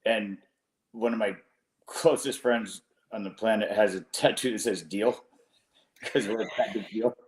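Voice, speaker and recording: A man's voice: lowish voice, steady tone, measured pace, reverberant. A man bantering on a talk radio show, teasing the host and laughing often. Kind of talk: casual banter.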